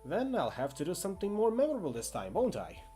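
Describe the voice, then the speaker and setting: A man's voice: high-pitched, huge pitch swings, fast talker, warm tone, faint music behind, voice pushed up. A man voicing a cocky, menacing young male camp bully with a working-class Northern English accent, bragging and taunting.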